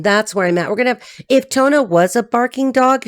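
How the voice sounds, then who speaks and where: A woman reading tarot who chats off the cuff, rambling and swearing freely, laughing often and jumping between low asides and high excited bursts. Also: moderate pace, few pauses. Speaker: tarot reader and life coach. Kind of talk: casual unscripted chat to camera.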